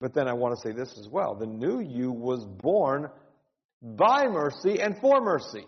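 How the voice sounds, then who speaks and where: A man's voice: mid-range voice, sing-song, measured pace. A male pastor preaching an earnest, urgent sermon, often repeating words and rising into cries. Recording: dull sound with long hall reverb.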